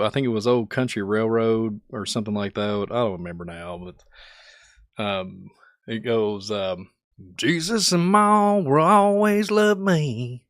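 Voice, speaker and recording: A man with a sore, hoarse throat hosting a casual livestream, laughing often as he greets viewers in the chat by name. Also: lowish voice, no room sound, clean studio sound. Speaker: livestream host.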